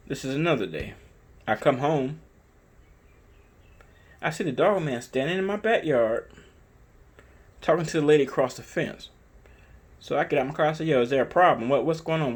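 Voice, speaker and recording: A man, casually telling a story in a vlog, animated and emphatic, with lots of cursing and repeated phrases. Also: medium pitch, breathy edge. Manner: animated, profane, emphatic retelling; repetitive, conversational phrasing. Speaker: dog owner telling a story.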